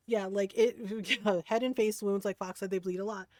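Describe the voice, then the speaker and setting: A woman's voice: mid-range voice, steady tone, normal speed, a little mellow, dry recording. A woman streamer casually telling a story to her live chat, rambling and often laughing, checking in with "right?" after many lines. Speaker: game streamer.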